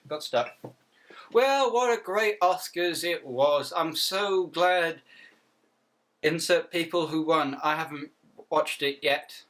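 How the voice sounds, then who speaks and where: Man, deadpan wisecracks, fairly high voice, a little far from the mic. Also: slow. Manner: deadpan quips with sudden mock outbursts. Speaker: comedy vlogger. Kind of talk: jokey outfit commentary.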